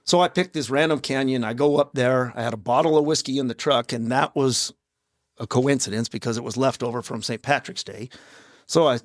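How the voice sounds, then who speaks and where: A man's voice: mid-range voice, dry recording, clean studio sound. Candid man telling his story on a podcast. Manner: raw and candid, halting, with blunt profanity. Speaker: podcast guest. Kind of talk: candid personal storytelling in an interview. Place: podcast studio. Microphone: studio microphone.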